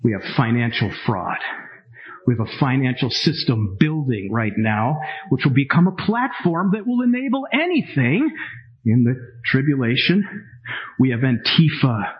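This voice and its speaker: A man in his fifties preaching a sermon to a congregation, emphatic and animated, with dramatic asides. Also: medium pitch, normal speed, slightly rough, dull audio. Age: 50s. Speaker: pastor.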